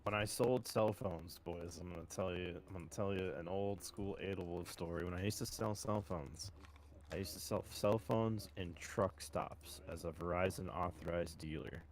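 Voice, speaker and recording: A man's voice: low-pitched, normal speed. A man co-hosting a podcast, chatting casually and telling a profane work story. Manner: swears a lot, storytelling, calls listeners boys. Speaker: podcast co-host. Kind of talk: casual chat.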